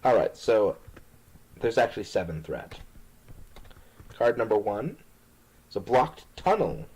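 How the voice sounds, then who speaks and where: A man's voice: on the low side, very animated, unhurried, darkish tone, slightly rough, low-quality recording. A man casually talking through a cooperative card game with a friend, explaining his moves.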